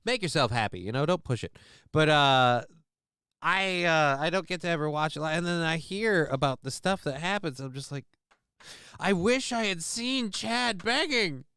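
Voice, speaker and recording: A man's voice: on the high side, animated, moderate pace, bright, forceful tone, smooth, no room sound, studio quality. A man hosting a livestream, talking casually in a rambling, profane, self-mocking way. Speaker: livestream host.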